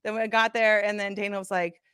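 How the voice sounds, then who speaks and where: Animated, profane woman telling stories. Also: medium pitch, fast, clean tone, dry recording, clean studio sound. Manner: animated, profane, full of "like" fillers. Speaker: podcast guest. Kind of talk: casual storytelling chat. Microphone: podcast studio mic.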